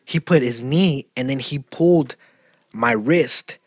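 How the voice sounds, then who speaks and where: A man telling a casual, profane, slang-heavy story, getting loud and animated as he goes. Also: medium pitch, slow, husky, no room sound, clean studio sound. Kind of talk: casual chat.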